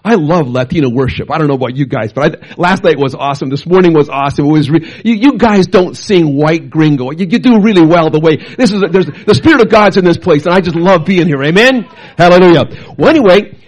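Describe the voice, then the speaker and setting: Husky middle-aged preacher man. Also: a little high, fairly quick. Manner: animated, bursts into loud acted quotes, frequent restarts. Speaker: pastor and missionary. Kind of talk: storytelling sermon.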